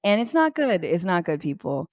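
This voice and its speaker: A woman comedian and journalist, a podcast guest, telling funny stories in an animated way and swearing freely. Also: on the low side, normal speed, dry recording, clean studio sound. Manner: animated storytelling, swears freely, acts out quotes. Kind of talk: casual podcast chat.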